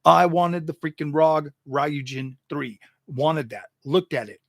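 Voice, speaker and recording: Man, tech channel host, gravelly voice, dry close sound, animated casual rant, stammers. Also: a little high, unhurried, dry recording. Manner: animated, exasperated, stammers and repeats himself. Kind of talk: casual livestream chat.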